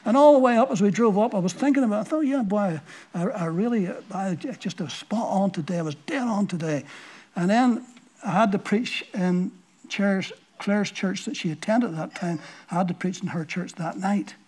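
A man's voice: high voice, moderate pace, darkish tone. Older man, pastor, storytelling sermon, casual delivery with restarts. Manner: storytelling, conversational with repeated words.

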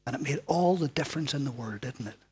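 A man preaching a sermon in a dramatic way, moving from loud, emphatic lines down to hushed, almost whispered ones. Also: mid-range voice, expressive, fast, husky.

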